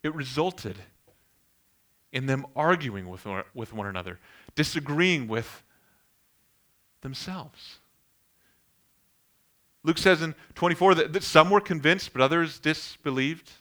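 Bright-voiced male preacher, earnest sermon. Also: on the high side, animated, measured pace, pauses often. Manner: earnest, builds emphasis on key phrases; tells homely anecdotes in the sermon. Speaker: pastor.

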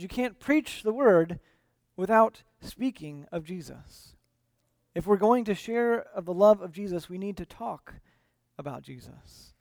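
A man preaching a sermon as a pastor, earnest and emphatic, letting his voice fall quiet and low at the ends of phrases. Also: dry recording.

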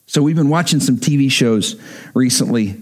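A man's voice: medium pitch, lively intonation, moderate pace. A man preaching a sermon, emphatic and repeating key lines for effect. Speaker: pastor.

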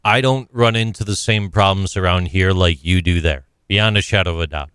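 A man with a very deep, resonant voice, chatting casually and pressing with follow-up questions. His voice is smooth and clear, recorded close and dry. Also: normal speed, fairly bright tone, dry recording. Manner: probing, asks pointed follow-up questions. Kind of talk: casual chat.

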